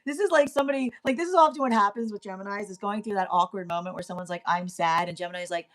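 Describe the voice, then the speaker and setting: A woman's voice: fairly high pitch, sing-song, fast talker. Chatty laughing woman tarot reader. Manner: chatty, laughs often, keeps asking "right?". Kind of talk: casual tarot reading monologue.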